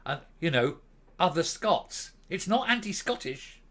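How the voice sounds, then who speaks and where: Scornful Northern Irish man, lively and sharp. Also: high-pitched, a little slow. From Northern Ireland. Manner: blunt, scornful and sarcastic, with mild swearing. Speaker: host of a political commentary channel. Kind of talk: ranting opinion commentary.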